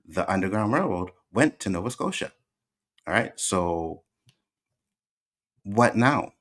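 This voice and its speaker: This Canadian livestream host, mixing in bits of Jamaican slang, reacts to his chat by forcefully pushing back and going over his points again. He speaks slowly in a fairly low, animated voice with a slightly bright edge.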